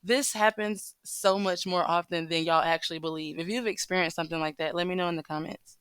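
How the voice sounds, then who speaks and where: Give me a woman with a crisp, smooth voice telling a chatty advice story to her viewers. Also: lowish voice, fairly even intonation, a little fast, a bit bright, no room sound. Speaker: commentator. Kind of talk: casual advice commentary.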